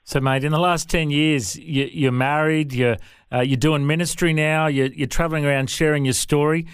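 A man interviewing a guest, asking questions with halting restarts. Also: a little high, fairly even intonation, smooth, no echo.

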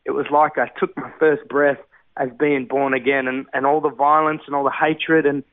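A man's voice: medium pitch, little pitch movement, normal speed, no room sound. A man, telling his personal testimony in an earnest, heartfelt way with many fillers. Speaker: guest sharing testimony. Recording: tinny phone-like radio sound.

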